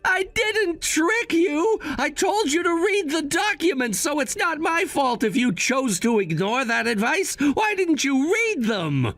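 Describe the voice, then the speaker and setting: A man voicing a calm, scheming son. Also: extremely high pitch, measured pace, few pauses, no echo, soft background music, exaggerated voice. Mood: firm. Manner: cool, firm, lecturing.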